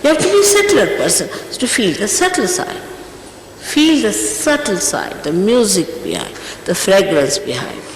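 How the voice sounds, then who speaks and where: A woman's voice: medium pitch, big pitch swings, moderate pace, a little hiss or hum. A woman, a spiritual teacher, scolding her followers in an emphatic, direct way. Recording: echoey hall, old recording.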